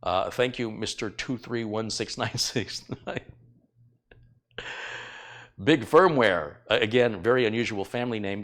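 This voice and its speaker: A middle-aged man with a fairly low voice, talking casually to a live audience from his kitchen. He rambles with fillers and gently teases viewers as he thanks them. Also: measured pace, long pauses. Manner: chatty, teasing, rambling with fillers. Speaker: tech YouTuber hosting a live stream. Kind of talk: casual live-stream chat reading donations. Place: home kitchen.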